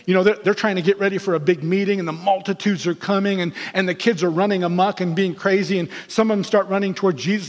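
A man's voice: high-pitched, fairly even intonation, fast, few pauses, long reverb tail. A man preaching a sermon in a church sanctuary, telling stories animatedly and acting out the people he quotes. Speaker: pastor.

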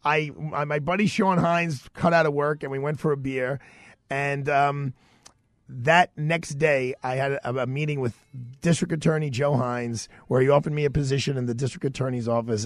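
A middle-aged radio host spins a personal story, jumping into the voices of the people in it. His voice sits at an ordinary pitch and sounds close and dry, with no room around it. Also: fairly even intonation, moderate pace, dry recording.

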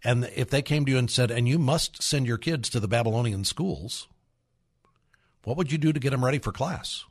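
A man's voice: medium pitch, moderate pace, breathy edge. A middle-aged man hosting a radio talk, earnestly urging parents, repeating himself and breaking into acted quotes. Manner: earnest, exhorting, acts out quoted voices. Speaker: radio host.

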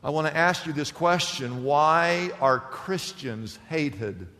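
A man's voice: a little high, animated, slow pace, pushed and bright, in a large hall. A man preaching a sermon as pastor, emphatic and firing off rhetorical questions to the congregation.

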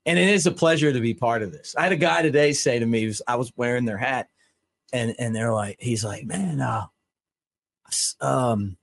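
A man's voice: medium pitch, fast, no room sound. A middle-aged man co-hosting a podcast, chatting in a loose, rambling way with lots of fillers. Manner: rambling, lots of "like" and "you know", laughs at own stories. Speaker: podcast co-host, play-by-play announcer. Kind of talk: casual chat.

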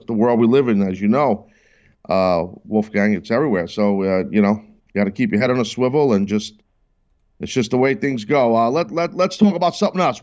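A man's voice: mid-range voice, darkish tone, highs cut off. A man hosting a sports talk call-in show, bantering with callers and ranting with mock indignation. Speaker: host.

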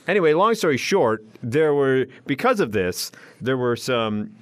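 A man co-hosting a casual news chat show, telling stories with jokes and an animated delivery. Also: mid-range voice, measured pace, no room sound. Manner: joking, animated storyteller. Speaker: co-host.

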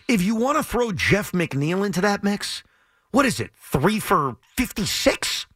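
A man with a high, bright voice that swings up and down as he talks sports on the radio. He sounds exasperated and hammers his points home by repeating them. The studio sound is dry and close. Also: a little slow, no room sound. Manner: animated, exasperated, emphatic repetition. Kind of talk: heated sports talk.

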